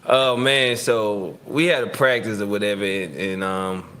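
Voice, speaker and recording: A man, a football player guest, telling a story in a casual, slangy and animated way, laughing as he goes. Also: fairly low pitch, measured pace. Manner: slangy, lots of "right?" and "you know what I'm saying". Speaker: guest, pro football receiver.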